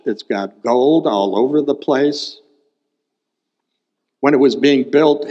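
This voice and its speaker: With a slightly mellow, mid-range voice, a male pastor delivers a sermon that explains a Bible passage and emphasizes key points through repetition. Long hall reverb fills the dull-sounding recording.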